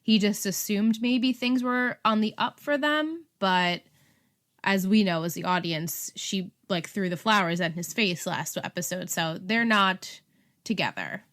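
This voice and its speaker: A woman's voice: mid-range voice, a little slow. Chatty woman podcast co-host. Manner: chatty, animated storytelling with frequent fillers. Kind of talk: casual chat recapping a TV episode.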